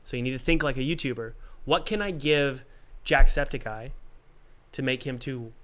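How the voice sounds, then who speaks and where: A man with a cold who coughs now and then, hosting a casual livestream and giving game development advice in an energetic, rambling, jokey way. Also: medium pitch, normal speed.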